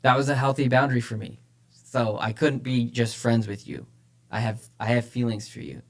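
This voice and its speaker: A church leader co-hosts a podcast, speaking in a medium-pitched, fairly even voice at a moderate pace. He talks casually and energetically about faith, often repeating phrases for emphasis.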